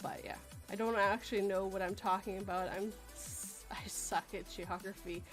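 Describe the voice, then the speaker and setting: A woman's voice: mid-range voice, fairly even intonation, normal speed, soft background music. A woman hosting a casual chat, rambling and self-deprecating, often giggling. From Canada. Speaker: podcast host.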